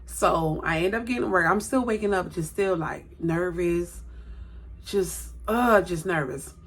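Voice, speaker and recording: A woman's voice: fairly low pitch, unhurried, breathy edge. A woman vlogger telling a personal story in a chatty, rambling way, often correcting herself. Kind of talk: casual storytelling to camera.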